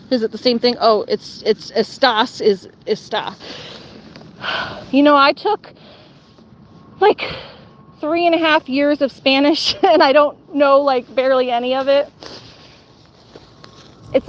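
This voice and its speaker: A woman's voice: sits high, slight background noise. Young woman streamer, casual rambly chat, faint outdoor ambience behind her. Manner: rambling, lots of "like" and "um", answers viewer comments.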